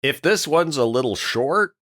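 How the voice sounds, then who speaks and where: A man co-hosting a podcast, talking casually with animated, laughing banter. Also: fairly high pitch, moderate pace, no room sound, clean studio sound. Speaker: podcast co-host.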